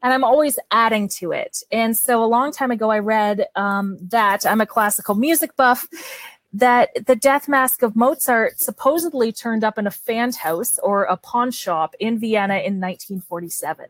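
A woman's voice: on the high side, moderate pace, dry recording. A woman from Ontario with a Canadian accent, an author guest talking eagerly in a casual interview and laughing often.

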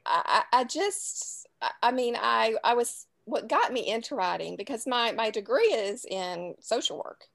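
A middle-aged woman from Louisiana with a Southern US accent, talking as a guest in a relaxed interview. Her voice sits a bit high. She rambles, restarts her sentences and laughs easily. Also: unhurried, vocal fry, hardly any pauses. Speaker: guest author. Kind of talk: casual interview chat.

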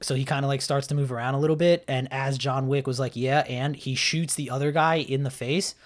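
A man's voice: mid-range voice, fairly even intonation, fairly quick. A man chatting casually, retelling a story at length with many fillers and restarts. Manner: rambling retelling with acted-out quotes and many fillers. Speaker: podcast co-host recapping a film. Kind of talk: casual chat.

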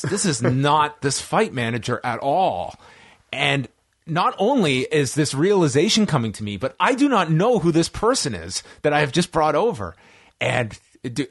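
A man who interviews people for media, chatting casually in a rambling way and correcting himself as he goes. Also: mid-range voice. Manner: rambling, self-correcting storyteller.

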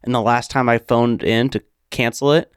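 Male podcast co-host, casual profane banter, mid-pitched, dry close mic. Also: steady tone, moderate pace, clear, resonant tone, no room sound. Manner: profane, joking, easygoing. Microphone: podcast microphone.

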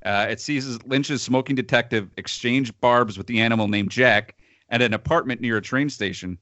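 A man co-hosts a casual talk show, sardonic and quick to chuckle. His tone is bright and cutting, heard dry and close. The recording is a little dull and lo-fi. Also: medium pitch, no room sound. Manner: laughs between phrases, sardonic. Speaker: podcast co-host reviewing films. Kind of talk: casual chat.

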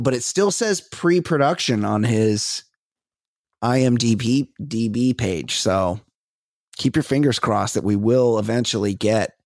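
A man's voice: medium pitch, a little mellow, no room sound. Male co-host, mid-range voice, casual rambling banter, dry close recording. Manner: rambling, trails off while recalling names. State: recovering from a finger injury. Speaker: podcast co-host. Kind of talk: casual comedic chat.

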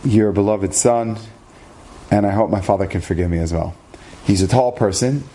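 A man's voice: mid-range voice, dark tone. A man telling a religious story as a lesson, earnest, acting out the dialogue and using Hebrew terms.

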